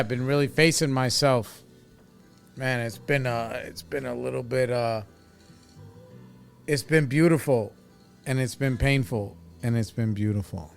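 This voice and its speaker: A man hosting a casual solo podcast, talking in a laid-back, rambling way with lots of fillers and swearing. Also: medium pitch. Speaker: podcast host. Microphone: studio microphone.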